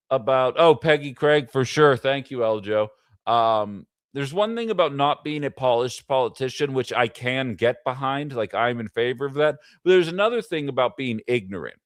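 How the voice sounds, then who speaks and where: Rambling male livestream host, smooth voice. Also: medium pitch, dry recording, studio quality. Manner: talkative and rambling, with fillers and quick asides to chat. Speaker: livestream political show host. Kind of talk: casual political commentary livestream.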